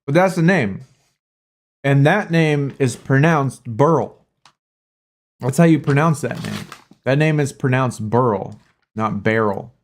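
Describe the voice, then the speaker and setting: A man's voice: medium pitch, slow, long pauses. A man hosting a mobile-game livestream, chatting in a rambling way and arguing back at his chat, with some casual swearing. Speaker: livestream gaming host.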